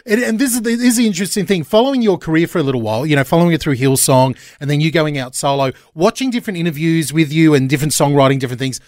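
A man's voice: fairly high pitch, rapid-fire, hardly any pauses, a little mellow, dry recording. A man hosting a casual radio interview in a studio, upbeat, laughing easily and asking long, rambling questions. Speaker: radio host. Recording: dry studio sound.

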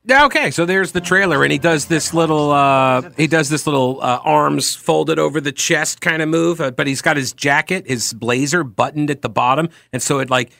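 A man hosting a call-in talk radio show, talking in an animated, emphatic way with frequent restarts. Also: a little high, normal speed, vocal fry, few pauses, no echo. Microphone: studio microphone.

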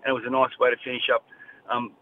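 A man's voice: mid-range voice, completely flat delivery, racing. A man with an Australian accent, a boxer talking bluntly and repeating himself as a guest in a radio interview. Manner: blunt, repetitive, fired-up. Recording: tinny phone line with faint noise.

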